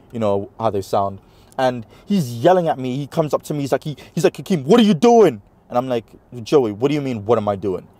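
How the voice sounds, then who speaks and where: A man with a New York accent, a guest in an interview, retelling a personal story animatedly and acting out the dialogue. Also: mid-range voice. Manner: animated retelling, acts out quoted dialogue, many fillers.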